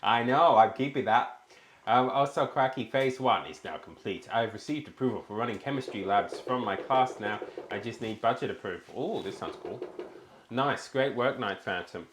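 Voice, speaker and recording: A man co-hosting a livestream from a small home kitchen, talking easily at a middle pitch. He keeps reading viewer chat aloud and fills gaps with ums. The room around him rings with a roomy echo. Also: moderate pace, a bit bright, a little hiss or hum. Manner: chatty, reads out messages with lots of ums. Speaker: co-host of a cooking stream.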